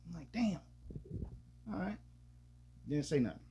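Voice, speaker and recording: A man's voice: on the high side, expressive, measured pace, dark tone, slightly rough, lo-fi sound. A man co-hosting a podcast, telling a loose, profane, rambling story in casual chat with lots of restarts. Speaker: podcast co-host.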